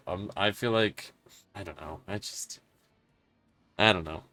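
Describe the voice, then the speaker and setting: A man's voice: on the low side, lively intonation, normal speed, long pauses, sharp tone, no room sound, faint music behind. A man streaming a horror game live, talking frankly and swearing as he mulls over a confusing match. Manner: frank, swearing, puzzled and self-critical. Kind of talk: casual gameplay commentary.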